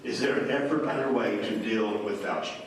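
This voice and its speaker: A man of middle pitch briskly reads written audience questions aloud as a town hall moderator. He sounds distant in a very reverberant room with a faint hiss beneath. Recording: echoey hall recorded from a distance.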